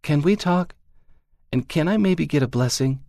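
Man voicing a nervous young boy, raised pitch. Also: expressive, moderate pace, gravelly, no echo, studio quality. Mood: timid. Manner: soft, hesitant, nervous. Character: anxious young boy near age twelve.

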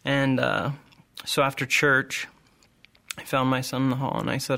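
A middle-aged man sharing a personal testimony in an earnest, halting way, with frequent restarts and pauses. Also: mid-range voice, monotone, creaky, pushed and bright. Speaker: group member sharing testimony.

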